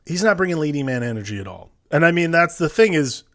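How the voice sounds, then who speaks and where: A man's voice: a little high, very animated, quick pace, a bit bright, dry recording. Easygoing male podcast co-host, dry mic. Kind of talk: casual film review chat.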